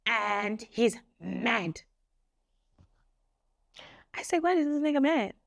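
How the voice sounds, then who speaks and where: A young woman telling a story on her vlog in a lively, laughing way, acting out what people said. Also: on the high side, slow pace, gravelly. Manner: animated, laughing, acts out quotes. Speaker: vlogger. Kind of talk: casual story time.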